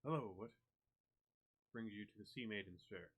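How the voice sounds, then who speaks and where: A man's voice: on the low side, normal speed, a bit bright, breathy edge, rough recording. A man voicing a wary male drow dockworker who is politely condescending, in a tabletop game. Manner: politely dismissive.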